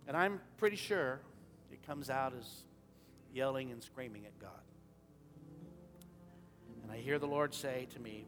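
A man preaching a sermon as pastor, shifting from quiet talk into sudden loud impassioned rises. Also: medium pitch, moderate pace, long pauses, soft background music. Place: church sanctuary.

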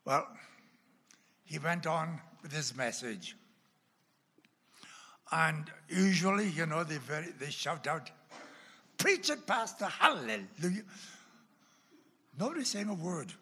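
A man, a pastor, telling a story in an animated sermon and breaking into loud bursts now and then. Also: fairly high pitch, unhurried, long pauses, breathy edge, long reverb tail. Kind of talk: storytelling sermon at a church class.

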